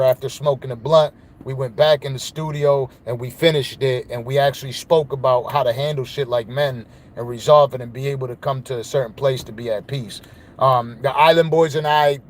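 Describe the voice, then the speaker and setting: Profane, rambling male podcast host. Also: medium pitch. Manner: profane and rambling, with frequent "you know what I mean". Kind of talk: casual storytelling monologue.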